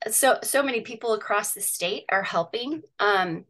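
A woman in middle age speaks over a video call in a chatty, easygoing way. She talks as she goes, with fillers and small laughs. Her pitch sits in an ordinary middle range. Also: lively intonation, normal speed, fairly bright tone. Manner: chatty, sharing her screen, with frequent um and laughs. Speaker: guest, parent activist. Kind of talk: casual video call interview.

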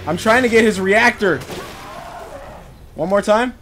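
A young man narrating his own gameplay, joking around and shouting when he gets startled. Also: high-pitched, unhurried, a little hiss or hum. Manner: jokey, excitable, yells when startled. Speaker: gaming YouTuber. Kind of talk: let's play commentary.

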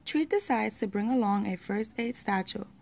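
A woman reading a children's picture book aloud at a steady pace, with the odd small slip. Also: mid-range voice, moderate pace, gravelly.

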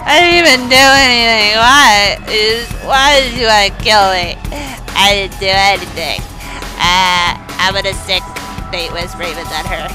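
A woman commentating her gameplay, loud and hammy, shouting playful threats at the characters on screen. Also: medium pitch, a little slow. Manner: talks to the game characters. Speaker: let's play host. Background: game music.

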